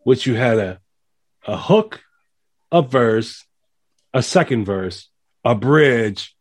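Man, radio host, casual interview, animated, preachy, builds emphasis. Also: mid-range voice, takes it slowly.

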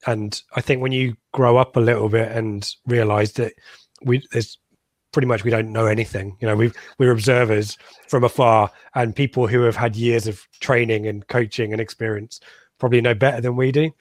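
A man's voice: medium pitch, steady tone, normal speed, no room sound. A man hosting a casual football podcast, talking in a rambling, chatty way with frequent ums and laughs. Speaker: podcast host.

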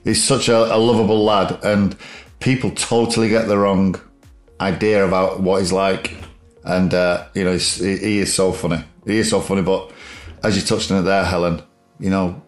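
A man's voice: sits low, little pitch movement, normal speed. A man hosting a podcast in casual chat, speaking with enthusiastic praise. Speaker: podcast host. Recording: roomy echo with faint music.

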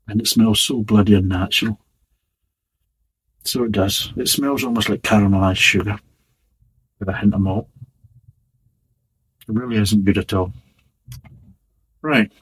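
A man's voice: fairly low pitch, steady tone, a little slow, pauses often, breathy edge, low-quality recording. A man giving a casual, blunt and sweary spoken beer review with a wry, exasperated manner.

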